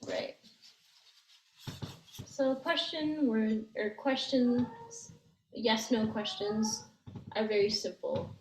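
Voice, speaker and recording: A woman teaching a language lesson, explaining gently and step by step with frequent ums. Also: on the high side, lively intonation, slow pace, long pauses, echoey room, slight background noise, poor audio. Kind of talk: slow, patient language lesson.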